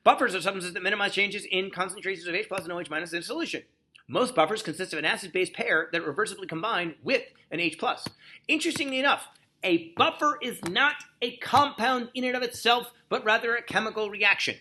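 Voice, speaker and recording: A man's voice: high voice, fairly quick, pushed and bright, husky. A man teaching biology in a recorded lecture screencast, explaining slides with jokey asides and frequent "okay?" and "right?" checks.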